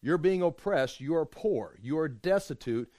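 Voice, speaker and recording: A man's voice: fairly high pitch, lively intonation, moderate pace, warm tone, no room sound, studio quality. A man teaching a Bible study in a conversational, emphatic way, often restarting his sentences. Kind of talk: informal Bible study sermon.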